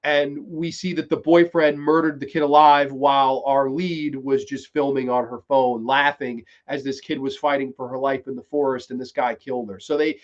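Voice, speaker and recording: Excitable swearing man, lo-fi stream. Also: medium pitch, moderate pace, hardly any pauses. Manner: swears freely, excitable, animated retelling. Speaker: podcast host reviewing a TV series. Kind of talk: casual live-stream review chat. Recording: dull lo-fi stream audio.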